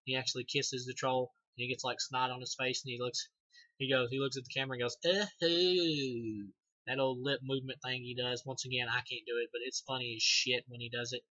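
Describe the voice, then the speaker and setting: A man's voice: mid-range voice, completely flat delivery, quick pace, pushed and bright, no echo, dull audio. A man giving a casual, rambling movie review, loose and profane, laughing and restarting as he goes.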